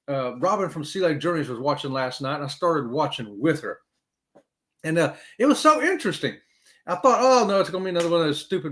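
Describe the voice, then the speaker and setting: A middle-aged man, hosting a casual live-stream chat and talking straight to his viewers. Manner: animated, talks straight to viewers with "y'all", swoops high for emphasis. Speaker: host of a live cruise chat show.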